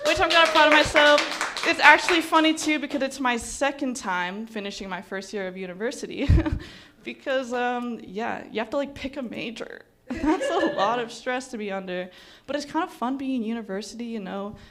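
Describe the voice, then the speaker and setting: A woman's voice: mid-range voice, fairly bright tone. A young woman doing stand-up for the first time, giggly and rambling with self-deprecating jokes. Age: young adult. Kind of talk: nervous stand-up set. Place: small comedy stage.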